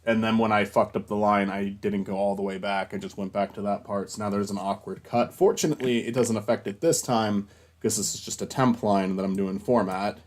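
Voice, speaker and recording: Loud, sweary young man ranting. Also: on the low side, steady tone, brisk. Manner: profane, frustrated ranting that gets loud. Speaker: voice actor and creator. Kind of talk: casual commentary while editing.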